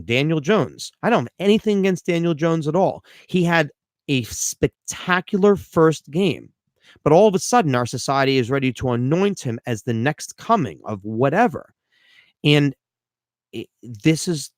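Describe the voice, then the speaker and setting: Animated man hosting a live podcast. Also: on the high side, no room sound, studio quality. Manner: animated, rambling, with repeated restarts and self-deprecating humor. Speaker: podcast host and life coach.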